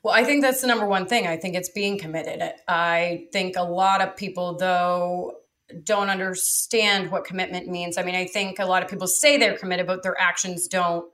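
A woman's voice: on the low side, fairly even intonation, moderate pace, a bit bright. A woman guest telling stories frankly in a casual interview, with many fillers. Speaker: guest, real estate developer.

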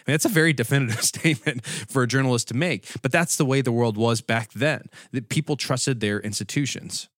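A man's voice: mid-range voice, a little fast, hardly any pauses, a bit bright, dry recording, clean studio sound. A man co-hosting a podcast, explaining history in a conversational way and laughing easily between points. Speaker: podcast co-host.

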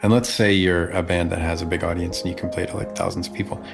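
A man with a low voice and a gravelly, fry-laden edge speaks in casual conversation. He tells his story with lively energy, tumbling through restarts and fillers. Soft music plays faintly in the background. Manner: animated, talks fast with many fillers and restarts.

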